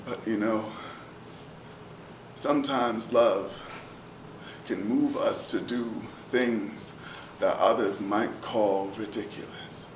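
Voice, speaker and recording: A man performing spoken word poetry, rhythmic and chanting, with swings from loud to hushed. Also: lowish voice, fairly even intonation, slow, long pauses. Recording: roomy, distant live recording with noise.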